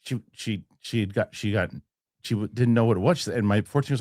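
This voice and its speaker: A man's voice: fairly low pitch, fast, dry recording, studio quality. A man in his forties hosting a show, telling a heated story in a casual rant, swearing and acting out the people in it. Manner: heated, animated, swears, acts out quoted people. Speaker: show host.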